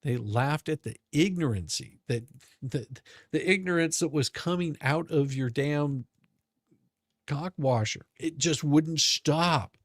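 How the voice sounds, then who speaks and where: A man's voice: on the high side, slow pace, no echo, studio quality. A man streaming a profane, sarcastic rant of commentary, mocking the people he talks about. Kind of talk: ranting commentary. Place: home streaming setup.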